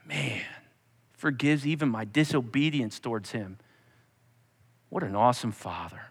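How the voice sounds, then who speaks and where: A male pastor preaching a sermon, emphatic, dropping to a soft, intimate tone when he voices God speaking. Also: mid-range voice, unhurried, breathy edge, long reverb tail.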